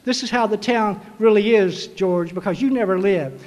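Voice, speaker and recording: A man preacher voicing a patient male angel, explaining calmly. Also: high-pitched, normal speed, lightly acted. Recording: long hall reverb.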